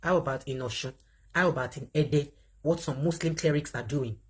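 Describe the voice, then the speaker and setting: A Nigerian woman hosting a livestream, commenting in an animated way and reading out viewer comments as she speaks straight to her audience. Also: sits low, moderate pace, breathy edge. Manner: animated, talks straight to viewers, laughs often. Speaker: livestream host.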